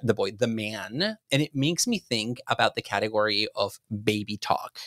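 A man's voice: fairly low pitch, normal speed, a bit bright, no echo, studio quality. A man from Mexico co-hosting a podcast, talking thoughtfully in an academic conversation and laughing now and then. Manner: thoughtful, frequent fillers and restarts, laughs. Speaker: podcast co-host.

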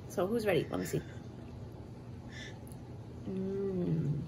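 A woman's voice: medium pitch, slow, pauses often, poor audio. A woman in her thirties chatting casually while she cooks and eats at home, playful and chatty, tossing in cutesy rhyming made-up words. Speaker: cooking vlogger. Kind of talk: casual cooking chat and eating. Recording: steady background noise in a home kitchen.

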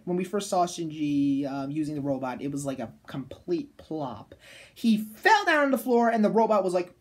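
A woman giving a casual, rambling spoken review of an anime, chatty and excitable, full of fillers and restarts. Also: medium pitch, breathy edge. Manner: excitable, jumps into loud shouted bits.

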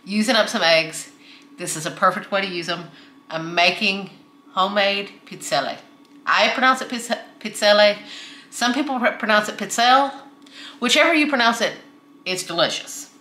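A woman's voice: mid-range voice, animated, moderate pace, sharp tone, echoey room. A woman hosting a home cooking tutorial from her kitchen, talking in a friendly, chatty way while she mixes ingredients. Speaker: cooking channel host.

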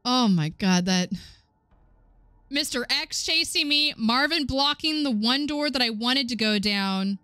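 Excitable young woman streaming a game. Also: on the high side, a little slow, clean tone, dry recording. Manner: excitable, swearing, laughing often, talking to chat. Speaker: gaming streamer. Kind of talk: let's play commentary.

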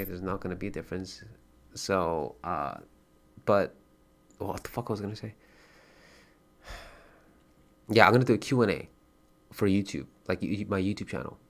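A man chatting casually as a livestreamer, thanking viewers and donors, swearing freely and getting excited in bursts. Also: fairly low pitch.

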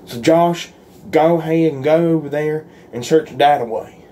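Folksy guy doing a roleplay, kinda high voice, real slow and earnest. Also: mellow, a little hiss or hum. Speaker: roleplay creator. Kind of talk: solo character roleplay.

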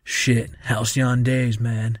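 Crude swaggering bro, husky man. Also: mid-range voice, flat delivery, takes it slowly, no echo, clean studio sound. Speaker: comedy sketch performer. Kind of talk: comic sketch, eulogy by a frat bro.

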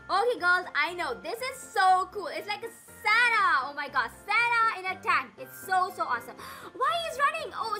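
Excitable high-voiced woman gaming host. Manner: excitable, gasping and exclaiming. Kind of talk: excited gameplay commentary.

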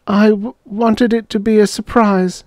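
A man's voice: high voice, level tone, a little slow, a little mellow, no echo, studio quality, pitched above the performer's own voice. A man voicing a young woman in agony, mumbling and stammering. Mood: anguished.

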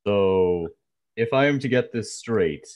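A man's voice: fairly low pitch, lively intonation, slow pace, darkish tone. A man playing a tabletop role-playing game, speaking in character with dry questions. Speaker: player. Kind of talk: casual in-character banter.

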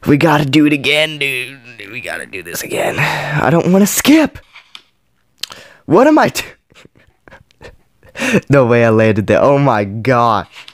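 A man's voice: medium pitch, big pitch swings, normal speed, no room sound. A man playing a mobile game on camera, counting each flip aloud and yelping or groaning at every near miss. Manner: counts flips aloud, yelps and groans at misses. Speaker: gaming channel host.

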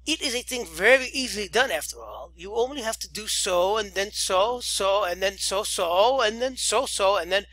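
A man's voice: sits high, expressive, moderate pace, hardly any pauses, pushed and bright, no room sound, full character voice, rough recording. A man voicing an eccentric young lady who speaks in a raised, lilting voice. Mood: breezy.

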